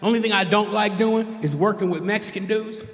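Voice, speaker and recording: A middle-aged man does stand-up comedy with a relaxed, self-deprecating, conversational delivery, often checking in with the audience. His voice sits on the high side for a man. The sound comes from a roomy hall with a long echo and audience laughter behind him. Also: fairly quick. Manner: conversational, self-mocking, tag questions to the crowd. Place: church stage with a live audience. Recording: echoey hall, long reverb.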